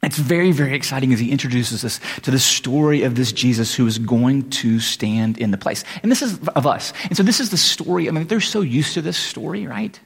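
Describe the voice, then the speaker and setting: A man preaching in a loose, conversational way, slipping into quick voices for the people in his stories. His voice is gravelly and a little husky, and a long reverb from a large hall trails behind every phrase. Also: mid-range voice. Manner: conversational, animated, acts out voices. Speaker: pastor. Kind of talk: casual sermon.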